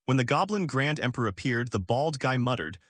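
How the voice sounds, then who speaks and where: Lively male recap narrator, dry mic. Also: medium pitch, a little fast, no echo.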